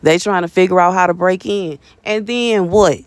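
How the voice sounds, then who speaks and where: A woman delivers a casual prophetic message from a bedroom in her mother's house. She is animated and slangy, laughs often, and calls listeners baby and bruh. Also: fairly low pitch, moderate pace, no echo.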